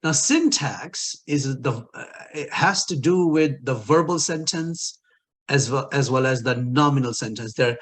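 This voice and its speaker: Male language teacher, mid pitch, recorded lecture, patient and repetitive, asks questions. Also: unhurried. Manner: explains patiently, repeats key words, asks the listener questions. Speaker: Arabic linguistics teacher.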